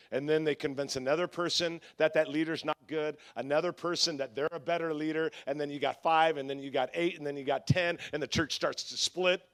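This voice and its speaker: Male pastor, high voice, animated conference sermon storyteller who acts out the voices.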